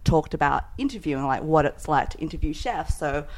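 Woman, food writer, casual podcast chat, rambling, laughs a lot, a bit low-pitched. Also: animated. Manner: chatty, rambling, quick to laugh, lots of "like".

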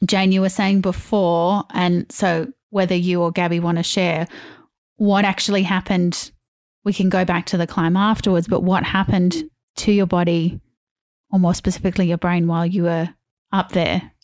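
A woman's voice: on the low side, little pitch movement, moderate pace, a little mellow. Woman hosting a conversational interview. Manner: conversational, asking follow-up questions. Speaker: podcast host.

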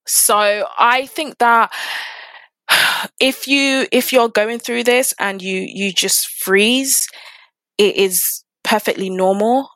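A woman's voice: on the high side, slow pace, a bit bright, no room sound. Impassioned woman firing rhetorical questions. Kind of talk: casual discussion.

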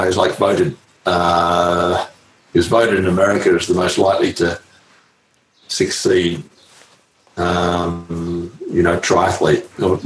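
A man with a notably low voice tells an old story in an interview, halting and full of ums and salty slang. He sounds like a former pro cyclist reminiscing. The room gives a roomy echo, with a faint ambient hum behind him. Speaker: retired pro cyclist, guest.

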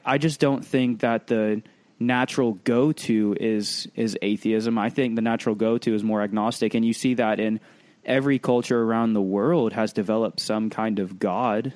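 A man hosting a podcast in casual chat, reflective and thinking aloud with halting restarts. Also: medium pitch, darkish tone, no echo. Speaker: podcast host.

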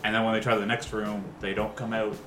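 A man narrating as game master in a relaxed, rambling way. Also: on the low side, fast talker, noisy background. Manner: relaxed, rambling description with fillers. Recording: roomy echo with music.

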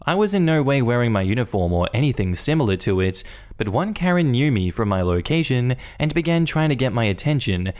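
Guy reading reddit-style stories out loud, steady medium voice, casual read. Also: mid-range voice, a little fast. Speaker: story narrator. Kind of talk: reading online stories aloud.

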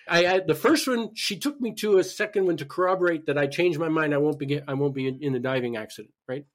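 Guy on a podcast telling his story, kinda high voice, keeps restarting sentences, animated. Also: fairly quick. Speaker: podcast guest, spiritual healer. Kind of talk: personal story told in conversation.

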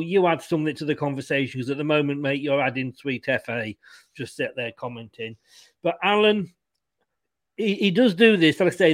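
A man hosting a casual live fan stream, chatting quickly and reading out viewer comments. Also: a little high. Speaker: fan channel host.

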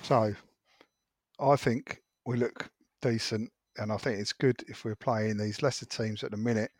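A man's voice: lowish voice, fairly even intonation, measured pace, no echo. A man co-hosting a podcast in casual chat, speaking earnestly with small hesitations. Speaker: podcast co-host.

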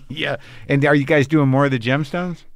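A man's voice: on the high side, fairly even intonation, normal speed, no echo, clean studio sound. A man hosting a podcast interview in a loose, chatty way, swearing freely. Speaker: podcast host. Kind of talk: casual conversational interview.

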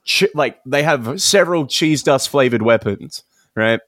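A man's voice: medium pitch, lively intonation, unhurried, a bit bright, no echo, studio quality. A man co-hosting a comedy podcast in a casual, playful brainstorm, laughing often. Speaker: podcast co-host picking ideas.

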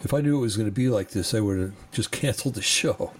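A man hosting a podcast, talking in a casual, tired and halting way with many fillers as he reads articles aloud. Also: on the low side, a little hiss or hum. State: sleepy, yawning. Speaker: podcast host.

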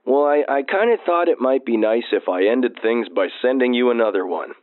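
A man's voice: medium pitch, lively intonation, brisk, no echo, natural voice. An actor playing a lovesick male weatherman who leaves a voicemail and earnestly croons a song over guitar. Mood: wistful. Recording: tinny phone voicemail with guitar.

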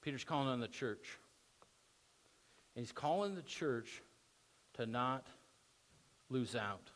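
A man's voice: mid-range voice, a bit bright. A man preaching a sermon as pastor, conversational with emphatic bursts.

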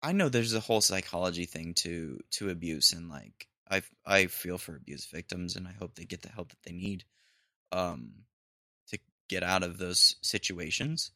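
A man's voice: low voice, normal speed, sharp tone, no echo, studio quality. A young man hosting a podcast on his own, rambling with lots of ums and restarts and throwing in crude jokes. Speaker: podcast host. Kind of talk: solo podcast rant.

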